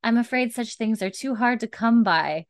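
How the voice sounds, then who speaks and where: A woman's voice: fairly high pitch, normal speed, dry recording, voice pushed up, close to an everyday voice. A composed lady who fends off a creep with clipped politeness, as a woman quotes her in a recap. The voice is dry and close. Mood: cool.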